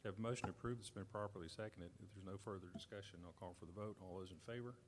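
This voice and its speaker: A man chairing a public board meeting, running through motions and votes in brisk, routine procedural phrasing. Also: low voice, noisy background. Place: community center gym.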